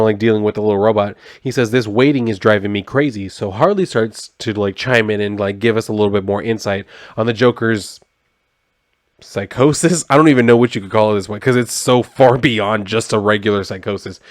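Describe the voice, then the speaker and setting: A man's voice: lowish voice, no echo, clean studio sound. A young man casually recapping a comic book, talking loosely with lots of "like" and some swearing, and lightly acting out the characters' lines as he reads them. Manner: chatty, swears, lots of "like", half-acts the quoted lines. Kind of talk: casual comic recap, reading dialogue aloud.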